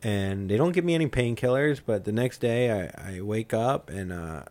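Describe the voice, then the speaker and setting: A man in his forties with a lowish voice spins a long, rambling tale in a loose podcast chat. He swears freely and circles back on himself as he goes, unhurried and conversational. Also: expressive, a little mellow. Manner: loose, profane, rambling storytelling.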